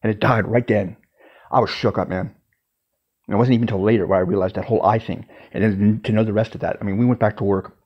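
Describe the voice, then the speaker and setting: Husky man telling an intense story. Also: lowish voice, fairly even intonation, fast talker, dull audio. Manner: intense, swearing, emphatic. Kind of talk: casual personal storytelling.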